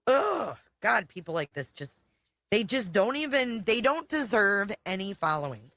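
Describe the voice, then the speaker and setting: Slow-talking, exasperated woman streamer. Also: mid-range voice, very animated, a bit bright, dry recording, clean studio sound. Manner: blunt, profane and exasperated. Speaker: livestream commentary host. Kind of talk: casual reaction commentary.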